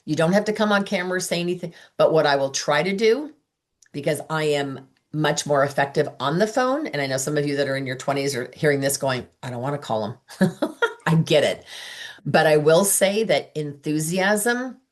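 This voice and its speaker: A woman's voice: low voice, animated, normal speed. A woman leading a sales training, talking with enthusiasm and acting out the texts and replies she quotes. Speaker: sales director giving training. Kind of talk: training talk.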